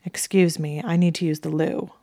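A woman voicing an indignant, sharp-tongued young witch who speaks crisply and raises her voice. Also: sits low, flat delivery, moderate pace, dry recording. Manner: crisp, barking.

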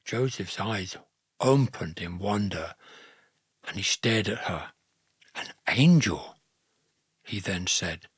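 A man narrating a Bible story in a slow, gentle, earnest reading style. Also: sits low, slightly rough, no room sound, clean studio sound.

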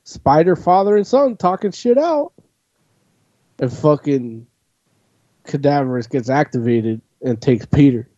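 A man hosts a casual chat recapping a comic, rambling and swearing freely with "like" in nearly every phrase. His fairly high voice is warm and expressive at a measured pace with long pauses, captured without echo but in dull lo-fi audio.

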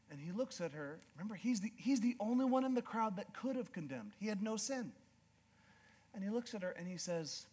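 A high-pitched man preaching a church sermon. He moves between quiet, hushed storytelling and loud, fervent declarations, often stumbling over repeated words as he restarts. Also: expressive, normal speed, breathy edge. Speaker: pastor.

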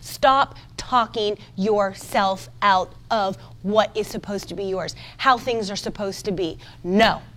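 A woman preaching a sermon in an animated way, moving from talk to loud indignation. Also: mid-range voice, slow, hardly any pauses. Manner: animated, mocking quoted voices, rising to loud indignation.

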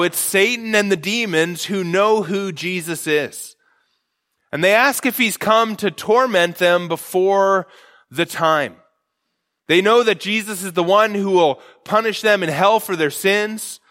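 A male pastor preaching an earnest expository sermon, slowing down to stress key phrases. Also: high-pitched, bright, forceful tone.

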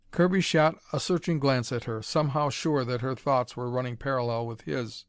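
A man narrating an adventure audiobook in a measured, even storytelling manner on a close mic. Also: mid-range voice, clear, resonant tone, no echo. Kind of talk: scripted narration.

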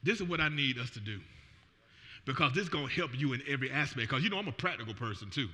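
A pastor preaching a sermon in an animated way, his voice swelling and dropping. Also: medium pitch, quick pace. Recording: long reverb of a church hall.

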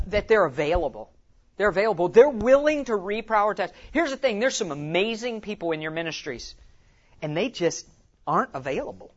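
Animated man teaching at a conference. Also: sits high, lo-fi sound. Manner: lively storyteller who acts out quotes, says "you know" often. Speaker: conference speaker.

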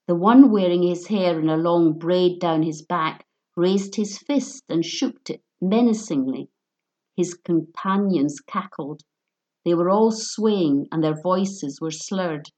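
A woman reading a story aloud in a measured, even narration. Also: on the low side.

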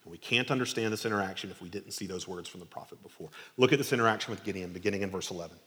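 A male preacher giving an expository sermon in an animated, conversational, emphatic way. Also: sits low, rapid-fire, long reverb tail.

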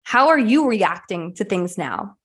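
A woman gives a motivational podcast talk in a candid, energetic way, with the odd casual swear. Her pitch sits in an ordinary middle range for a woman. She is speaking from her home. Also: measured pace, husky. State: sweaty and a bit winded. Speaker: podcast host. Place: at home, puppy in the room.

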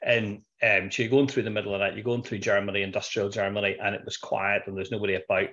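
A man, a financial planner on a podcast, telling an animated anecdote in casual conversation. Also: on the low side, fast talker, muffled recording. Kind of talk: conversational storytelling.

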